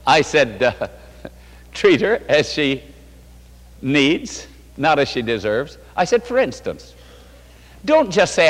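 A man's voice: a little high, big pitch swings, slow, pauses often, long reverb tail. A man preaching a sermon, telling stories and acting out the voices of the people in them, laughing now and then. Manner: storytelling with quoted voices and laughter.

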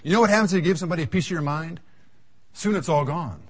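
A man preaching a seminar sermon, telling folksy stories from his marriage and acting out the voices in them, with a husky voice. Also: fairly high pitch, racing, a little hiss or hum. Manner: folksy storytelling, voices the Lord and his wife. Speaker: seminar speaker. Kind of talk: sermon with acted anecdotes.

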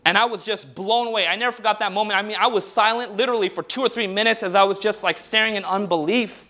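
Man, preacher, very high voice, bright and forceful tone, animated storytelling. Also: fast talker. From United States. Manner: animated storytelling, acting out quoted speech. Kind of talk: sermon.

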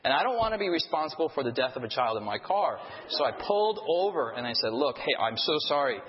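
A man delivers a lively sermon, often throwing questions back at the congregation. His voice sits a bit high for a man. It sounds dull, and a long reverb trails behind it in a big church hall. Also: fast. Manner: lively, quizzes the congregation with call-and-response questions. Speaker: preacher. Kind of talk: sermon with storytelling.

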